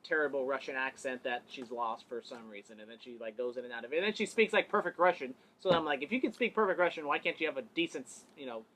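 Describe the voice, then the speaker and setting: A man's voice: mid-range voice, fairly bright tone, low-quality recording. A man co-hosting a podcast, chatting casually and with strong opinions, stringing one clause onto the next. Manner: rapid, opinionated, piles on clauses. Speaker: podcast co-host. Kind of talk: casual wrestling chat.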